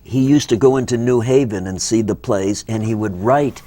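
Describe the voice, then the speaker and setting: An older Minnesotan man, a guest actor, rambles through anecdotes about his career in an interview. His voice is lowish and warm at a normal speed, and he acts out the quotes in his stories.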